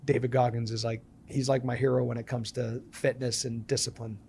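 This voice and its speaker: A man's voice: medium pitch, a little fast, gravelly, a little hiss or hum. A man in his thirties, a business owner being interviewed, telling stories casually and acting out the dialogue. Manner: animated storyteller, acts out quoted dialogue. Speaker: podcast guest, business owner.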